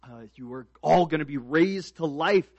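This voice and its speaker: A man preaches a sermon in a slightly raised voice, recorded close and dry. He moves between hushed, reflective stretches and loud, driving emphasis, with casual asides and fillers to his congregation. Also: fairly high pitch, normal speed, no room sound, muffled recording. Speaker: pastor.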